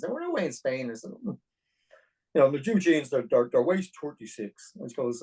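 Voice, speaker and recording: A man in his forties from Dublin with an Irish accent, a podcast guest telling his story in a lively, self-deprecating way with many restarts. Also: medium pitch, a little fast, husky, far from the mic, poor audio. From Ireland. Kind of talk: conversational storytelling.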